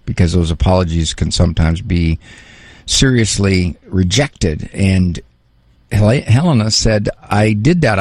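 A man's voice: fairly low pitch, creaky, no echo. A man hosting a call-in advice show, giving frank, emphatic counsel to a caller. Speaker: radio advice host.

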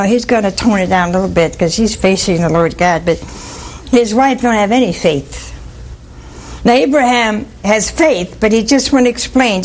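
A woman preacher giving a folksy sermon, telling stories with frequent chuckles and asides like "see?". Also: a little high. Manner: folksy storytelling, chuckles often, asks "see?".

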